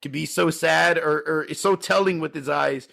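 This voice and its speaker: A man co-hosting a casual podcast, talking excitedly and laughing as he acts out quoted film lines. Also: on the high side, normal speed, creaky. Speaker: podcast co-host.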